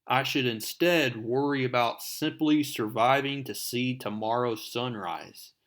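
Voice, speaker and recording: A man's voice: mid-range voice, unhurried, fairly bright tone, natural voice. A man voicing a vengeful male supervillain from a comic book, speaking in formal, lordly threats. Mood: menacing.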